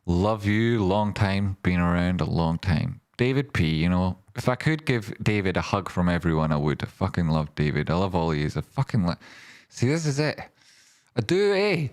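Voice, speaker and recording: A man chats loosely with his live-stream viewers. His voice sits low, but he keeps jumping up high when he laughs. He swears freely and thanks people by name. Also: normal speed, few pauses. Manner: swearing, joking, laughing, swings between gruff and high excited. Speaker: livestream host.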